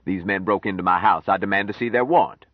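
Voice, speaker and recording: A man voicing a shrewd, sardonic older lawyer in an audiobook, measured and dry. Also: deep voice, no echo, highs cut off. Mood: dry, firm.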